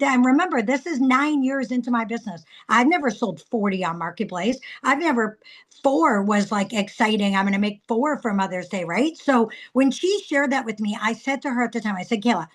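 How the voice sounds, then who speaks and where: A woman in her thirties giving a casual, chatty sales training talk, telling stories with lively acted-out quotes. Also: on the high side, a little fast.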